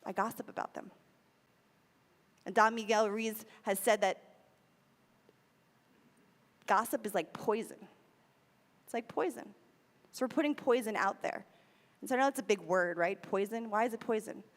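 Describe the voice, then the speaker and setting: A woman's voice: mid-range voice, normal speed, long pauses. American woman speaker, casual sermon delivery with repeated phrases, recorded in a reverberant hall. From United States. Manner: conversational, repeats key phrases for emphasis. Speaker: speaker at a spiritual center. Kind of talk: sermon talk.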